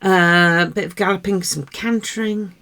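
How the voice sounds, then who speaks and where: A woman's voice: mid-range voice, steady tone, moderate pace, a bit bright. A woman, co-hosting a podcast with dry, witty banter. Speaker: podcast co-host. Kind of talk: casual chat.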